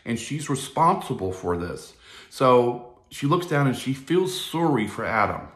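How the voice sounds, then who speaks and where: A man's voice: medium pitch, very animated, measured pace, a bit bright, echoey room. A man giving a rambling, profane casual monologue as a video host.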